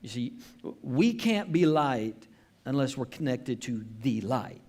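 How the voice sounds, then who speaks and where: A man's voice: mid-range voice, sing-song, slow pace, a little mellow. A man preaching a sermon as pastor at a church service, earnest and emphatic, repeating his key phrases.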